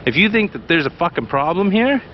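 A man from British Columbia talking to his camera while walking outdoors, blunt, excitable and full of swearing. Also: high-pitched, fairly quick, dull audio, a little hiss or hum. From British Columbia, Canada. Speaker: vlogger. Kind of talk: casual walking vlog. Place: outdoors by a city beach.

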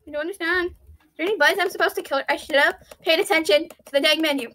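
Excitable high-voiced woman gamer. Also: fast talker. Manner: excitable, chatty, repeats pleading "no, no, no" and "please"; thinks aloud, with frequent "let's see" and "I don't understand". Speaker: YouTuber playing an online game. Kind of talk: casual gameplay commentary.

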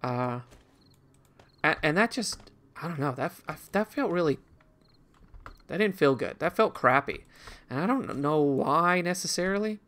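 A man's voice: fairly high pitch, lively intonation, moderate pace, pauses often, fairly bright tone. A man telling a rambling, reflective childhood story in casual conversation while commenting on a video game he is playing. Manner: rambling and reflective, with frequent restarts and asides to the game. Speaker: gaming channel host.

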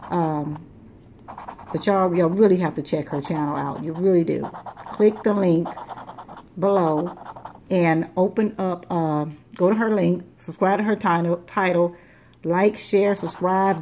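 Scratching tickets for her lottery channel, a woman rambles in chatty, casual talk and repeats herself. Her voice is lowish and mellow, with slight background noise.

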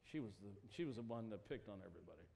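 A man preaching to a youth camp, speaking with emotion and rising to loud, passionate appeals. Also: lowish voice, animated, racing, gravelly. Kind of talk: sermon. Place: camp meeting hall with student audience. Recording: echoey hall, poor quality.

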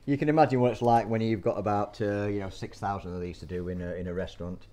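A man's voice: fairly low pitch, fairly even intonation, fast talker, warm tone. A man hosting a casual cooking demonstration, chatty and instructive, bantering with his guest. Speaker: cookery show host. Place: school kitchen.

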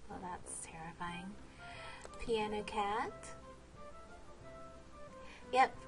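A woman's voice: mid-range voice, extremely slow, music in the background. A woman vlogging while she plays, chatting casually, laughing and exclaiming often. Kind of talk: casual game vlog commentary.

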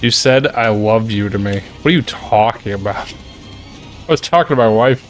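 A man streaming a video game, reacting loudly, swearing in frustration and chatting with his viewers. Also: on the low side, normal speed, faint music behind. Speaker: gaming streamer. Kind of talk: live gameplay commentary reading chat.

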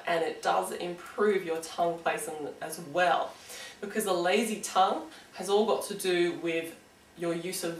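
A woman's voice: lowish voice, roomy sound, far from the mic, poor audio. An Australian woman giving a casual singing lesson, chatty and encouraging, with frequent "um"s. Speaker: singing teacher.

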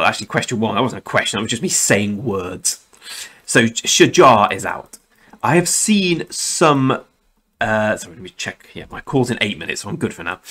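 Chatty and rambling, this young gaming-channel host talks through his game commentary, correcting himself often with the occasional mild swear. He has a lowish, slightly bright voice.

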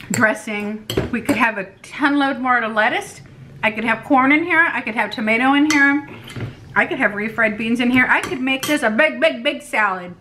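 A woman's voice: a little high, background noise. A woman vlogger chatting casually to camera at home, self-deprecating and laughing often.

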